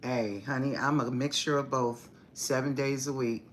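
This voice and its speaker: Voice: mid-range voice, flat delivery, moderate pace, slight background noise. A spiritual reader hosting a casual livestream chat with viewers, swearing freely, laughing often, teasing, and calling the audience baby and honey. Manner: affectionate address, calls viewers baby and honey. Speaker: spiritual reader and channel host.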